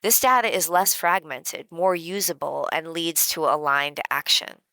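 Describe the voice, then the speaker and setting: A woman teaching a guided emotional self-help lesson in a gentle, conversational way, with many casual fillers. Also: deep voice, unhurried, no room sound, poor audio.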